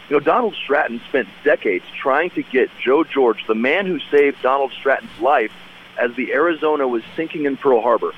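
A man, a senator, calling in as a radio guest with his voice nearly gone, running through upbeat talking points with lots of "uh" fillers. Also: medium pitch. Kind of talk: phoned-in radio interview. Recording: tinny phone line, faint noise.

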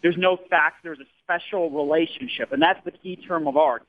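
A man's voice: a little high, normal speed. A man calling in to a radio show, speaking carefully and hedging like a lawyer. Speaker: caller. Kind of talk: phone-in commentary. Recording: phone line.

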